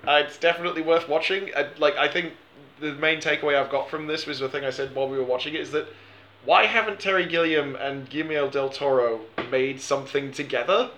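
A man hosts a casual film podcast in a bright, forceful voice. His pitch sits a little high. He rambles, jokes and laughs often. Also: fairly quick, roomy sound, a little hiss or hum. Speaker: podcast host.

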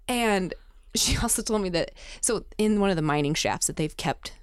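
A young woman from Texas telling ghost stories casually on a podcast, animated, swearing freely and acting out other people in a higher voice. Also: moderate pace, smooth, dry recording, clean studio sound. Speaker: podcast speaker. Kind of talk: casual storytelling.

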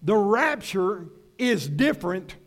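A man's voice: high voice, sing-song, slow. A man preaching a sermon as pastor, folksy and emphatic, mixing stories with scripture.

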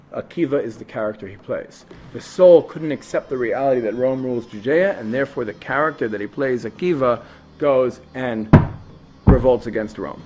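Animated man teaching a Torah lesson. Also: mid-range voice. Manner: storytelling, animated with many restarts and asides.

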